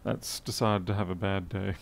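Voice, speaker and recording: A man's voice: low voice, little pitch movement, normal speed, gravelly, a little hiss or hum. A man talking through a circuit board repair live, thinking aloud in a methodical, muttering way. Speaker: electronics repair technician. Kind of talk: live repair stream commentary.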